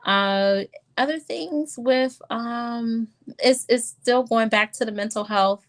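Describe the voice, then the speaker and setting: A middle-aged woman pediatrician talking casually in a podcast interview, often acting out quick exchanges with her young patients. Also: a little high. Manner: chatty, acts out patient exchanges in quick quoted voices. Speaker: pediatrician guest.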